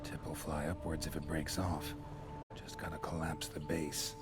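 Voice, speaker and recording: A man's voice: very deep voice, little pitch movement, moderate pace. A man voicing a weary male monster hunter in a video game, laconic and muttering to himself. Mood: dry. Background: game music.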